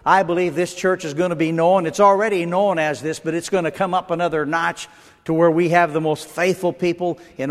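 A man preaching a sermon in a church with emphatic call-and-response delivery, then leading a prayer. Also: on the high side. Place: church hall. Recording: long church-hall reverb.

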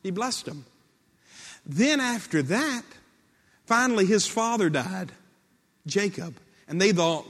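A man's voice: sits high, expressive, takes it slowly, pauses often, a bit bright. A man preaching a sermon in a storytelling way, acting out quoted speech and building to impassioned peaks. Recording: long hall reverb.

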